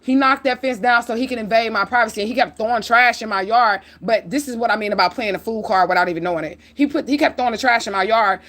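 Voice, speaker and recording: A middle-aged woman tells a story on her livestream. She talks in a casual, animated and profane way and speaks straight to her viewers. Her voice sits at an ordinary pitch for a woman. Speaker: livestream host.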